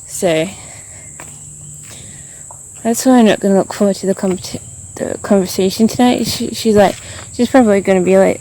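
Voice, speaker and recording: A woman's voice: mid-range voice, normal speed, pauses often, warm tone. A woman vlogging outdoors as she walks around, rambling and frustrated, full of fillers. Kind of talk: venting vlog monologue.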